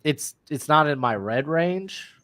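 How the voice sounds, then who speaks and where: A young man co-hosting a casual chat, halting and full of restarts. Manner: halting, restarts a lot, lively swings in pitch. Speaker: co-host.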